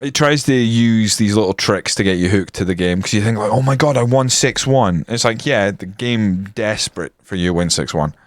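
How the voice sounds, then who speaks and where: A man commentating his football management game on a live stream, swearing and ranting, then breaking into excited match commentary. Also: on the low side, a little fast, hardly any pauses, no room sound, studio quality.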